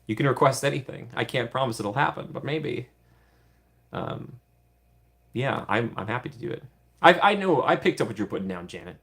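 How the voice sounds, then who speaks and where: A man's voice: mid-range voice, expressive, moderate pace, vocal fry, a bit bright. A man casually chatting on a livestream, answering viewer comments in a playful way and giggling often. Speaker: streamer answering live chat.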